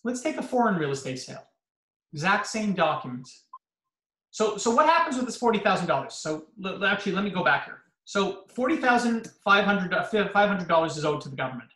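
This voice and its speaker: A man's voice: sits high, sing-song, fairly quick, sharp tone. A man, a lawyer lecturing real estate agents, explaining things by posing questions and answering them himself. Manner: explanatory, asks and answers his own questions. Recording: echoey room.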